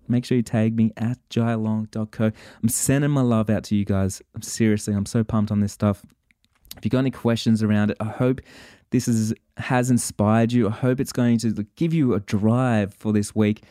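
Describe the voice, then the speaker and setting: A man's voice: fairly low pitch, mellow, no room sound, studio quality. A man hosting a podcast, talking straight to listeners in a passionate, worked-up motivational monologue. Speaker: podcast host.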